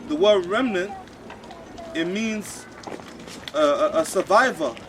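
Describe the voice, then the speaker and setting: A man reading scripture aloud outdoors, measured and slow, with hesitant fillers when he explains. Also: high voice, fairly bright tone, far from the mic, slight background noise. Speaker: scripture reader.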